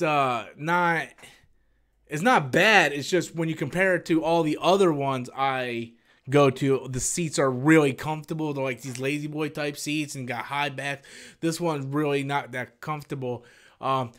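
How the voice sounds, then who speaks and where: A man hosting a casual live-stream Q&A, rambling and animated as he answers viewer questions and swears freely. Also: on the high side, moderate pace.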